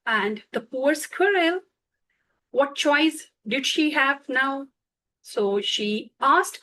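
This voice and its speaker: A woman narrating a bedtime story slowly, pausing to explain words for children, with fillers and self-corrections. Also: high voice, lively intonation, pushed and bright, slight background noise, rough recording.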